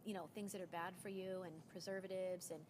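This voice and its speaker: A woman's voice: on the low side, little pitch movement, fast, noisy background. A woman in her forties chatting casually as a recruiter sharing sales tips, telling stories and acting out the dialogue she quotes. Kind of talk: casual chat.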